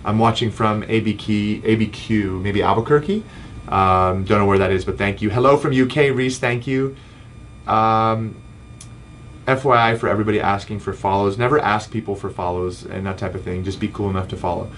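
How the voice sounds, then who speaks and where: A man's voice: lowish voice, normal speed, fairly bright tone, a little hiss or hum. A man in his thirties, a chiropractor hosting a casual live Q&A and answering viewer comments with frequent ums. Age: 30s. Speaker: chiropractor host.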